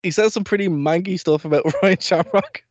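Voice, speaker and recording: A podcast co-host in casual chat who chimes in with quick reactions. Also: medium pitch, no echo.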